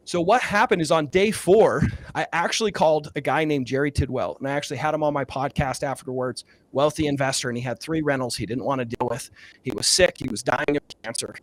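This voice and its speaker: A man guest in an interview, earnestly telling a personal story with many fillers and growing emotion. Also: on the high side. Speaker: guest, real estate investor.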